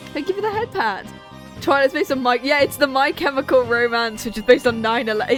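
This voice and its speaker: A woman's voice: a little high, fairly bright tone. A young woman streamer giving casual, sarcastic let's-play commentary, swearing freely. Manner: chatty, swearing, sarcastic asides.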